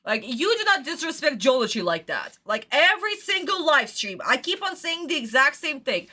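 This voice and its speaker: A woman's voice: high voice, sing-song, normal speed, bright, forceful tone. A woman from Russia, ranting in exasperation and swearing while reacting to an anime on a livestream.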